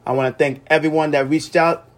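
A man hosting a solo sports podcast, recapping games in an excited, emotional way and often repeating himself. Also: fairly high pitch, a little fast, slight background noise. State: recovering from illness. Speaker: podcast host.

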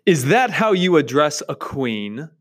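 A man's voice: fairly high pitch, sing-song, measured pace, pitched above the performer's own voice. A man reading aloud as a proud, cold and stern queen from a storybook, haughty and imperious.

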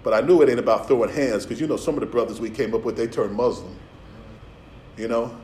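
A male pastor preaches in a loose, streetwise way, acting out voices and joking between verses. His voice is mellow and dark, and it rings in a roomy space with a faint hum behind it. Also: mid-range voice, quick pace. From Philadelphia. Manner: streetwise preaching with playful asides and acted-out voices. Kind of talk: sermon.

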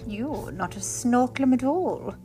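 A woman voicing a calm male badger who asks steady, reasoning questions. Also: on the high side, slow, faint music behind, voice pushed up. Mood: questioning.

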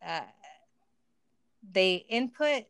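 A woman's voice: on the high side, expressive, drawn-out words, fairly bright tone, clean tone, no echo. A woman reading a comedic story aloud in an amused way to a listener on a call. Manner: amused, laughs while reading. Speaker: story reader.

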